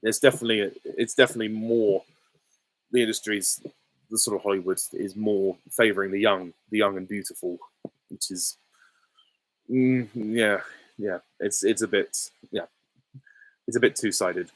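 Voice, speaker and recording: A man with a lowish voice, talking casually through viewer questions on a livestream. He rambles, restarts and fills gaps with ums. The sound is dry and close, with no room around it. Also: fairly even intonation, normal speed, pauses often, no room sound, rough recording. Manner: rambling, many fillers and restarts. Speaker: YouTube host answering viewer questions.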